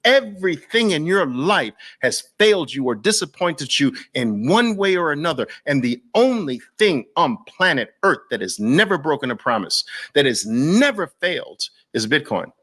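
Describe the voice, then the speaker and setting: A man from Brooklyn with a New York accent hosts an impassioned monologue, preaching fervently through repeated rhetorical questions and lists. His voice is on the high side and sing-song, fairly bright, at a moderate pace with few pauses.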